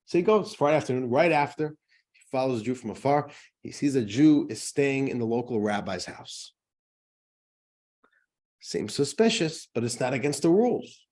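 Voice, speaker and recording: A man who is a rabbi teaching a class, telling a joke in a lively, conversational way before explaining a lesson. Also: mid-range voice, normal speed, pauses often.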